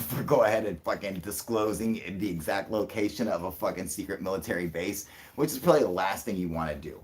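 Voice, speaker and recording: A man hosting a casual livestream, rambling and thinking out loud with lots of fillers, frequent swearing and chuckles. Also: on the low side. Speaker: channel host.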